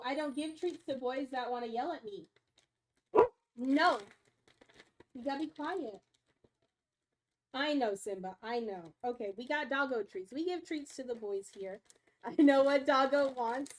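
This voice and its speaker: High-voiced chatty woman streamer. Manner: chatty, talks baby talk to her dogs. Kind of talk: casual live-stream chat. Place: home.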